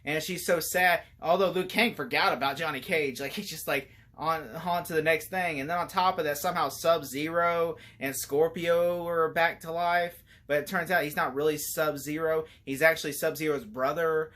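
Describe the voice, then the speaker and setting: A man giving a casual, rambling movie review, animated and laughing often as he talks. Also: fairly high pitch, moderate pace, hardly any pauses.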